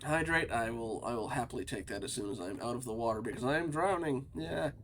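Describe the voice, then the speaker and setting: A man streaming a video game, talking to himself in quiet, casual asides as he plays. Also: medium pitch, expressive, quick pace, slight background noise. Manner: mutters to himself while playing, quiet asides. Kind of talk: casual let's-play commentary.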